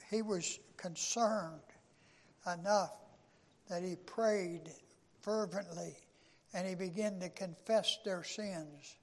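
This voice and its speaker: An older man, a former pastor, preaching a sermon, slow and halting with frequent restarts and rising bursts of emphasis. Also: sits high, big-room sound.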